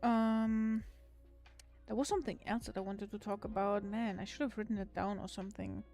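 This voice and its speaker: A woman's voice: medium pitch, steady tone, moderate pace, mellow, muffled recording, soft background music. A woman livestreamer in casual chat with her viewers, giggling often and swearing casually.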